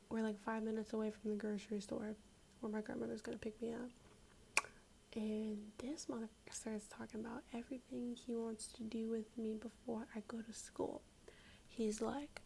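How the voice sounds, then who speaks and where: A young woman telling a story in a soft-spoken ASMR style, casual and slangy, often slipping into a whisper. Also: fairly high pitch, level tone, normal speed, vocal fry, a little hiss or hum, low-quality recording.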